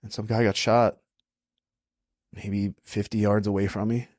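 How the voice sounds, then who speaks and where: A man's voice: on the low side, little pitch movement, measured pace, a little mellow, dry recording, studio quality. A young adult man, a podcast guest, telling stories in a laid-back way, often tagging sentences with "right?" and "like". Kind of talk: casual storytelling.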